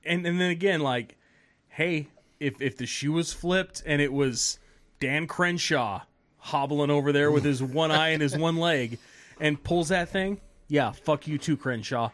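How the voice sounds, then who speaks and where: A man co-hosting a podcast, telling stories in a profane, animated, casual way. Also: fairly high pitch, unhurried. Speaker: podcast co-host. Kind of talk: casual chat.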